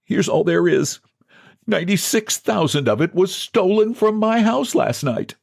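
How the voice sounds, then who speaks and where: A man's voice: lively intonation, a little slow, gravelly, exaggerated voice. A man voicing a broken middle-aged clerk who pleads pitifully to be believed. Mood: pleading. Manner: pitiful, high and begging.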